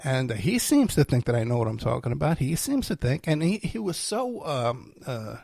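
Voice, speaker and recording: A man hosts his own show and rambles through a sarcastic, self-mocking rant. His voice is gravelly and husky, sitting a little high for a man. The sound is close and dry. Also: very animated, normal speed, a little mellow, dry recording. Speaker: host. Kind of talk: casual ranting monologue.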